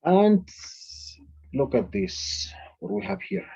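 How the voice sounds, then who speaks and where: A man's voice: sits high, big pitch swings, slow pace, gravelly, darkish tone, breathy edge, muffled recording. A man teaching an English grammar lesson to a class. He reads out example sentences and calls on students to answer.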